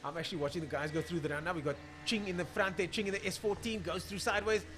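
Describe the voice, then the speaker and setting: Over a noisy background, a man provides loose, think-aloud live commentary on a drag racing stream. His voice is a bit higher than most men's and fairly even in intonation, and he fills pauses with easygoing chatter while hunting for drivers' names.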